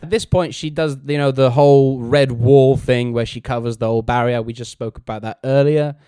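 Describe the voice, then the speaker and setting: A man's voice: medium pitch, steady tone, a little fast, music in the background. A man co-hosting a casual podcast, recapping a TV episode and acting out characters' lines with animation. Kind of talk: casual chat.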